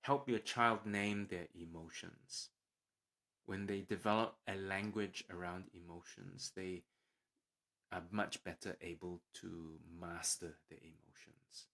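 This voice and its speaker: Male podcast host, lowish voice, calm explainer who brightens when voicing example parent lines. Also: slow pace.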